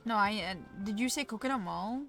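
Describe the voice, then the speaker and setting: A woman's voice: mid-range voice, brisk, creaky, a bit bright, soft background music. A woman streamer chatting casually while playing a game, swearing, laughing and reading the on-screen text aloud. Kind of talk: casual gameplay commentary.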